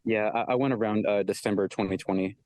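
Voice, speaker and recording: A man talking as a guest on a casual podcast, in a laid-back, unhurried way. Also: fairly low pitch, fairly even intonation, darkish tone, no echo.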